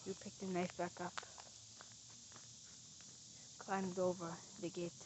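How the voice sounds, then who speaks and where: A woman's voice: lowish voice, monotone, takes it slowly, background noise. A woman narrating a mystery reveal, theatrically accusing the culprit as she retraces the crime step by step.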